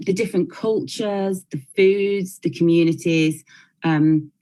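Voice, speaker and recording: A woman's voice: lowish voice, fairly even intonation, measured pace, warm tone, poor audio. A woman in her thirties from Birmingham with a Brummie accent, giving a chatty panel talk full of likes and restarts. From Birmingham, England. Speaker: blogger and panel speaker.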